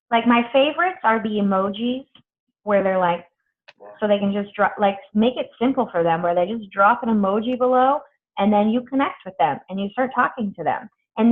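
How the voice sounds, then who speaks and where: A woman coaching her team on a video call, chatty and blunt, swearing freely. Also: medium pitch. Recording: tinny phone-like video call audio.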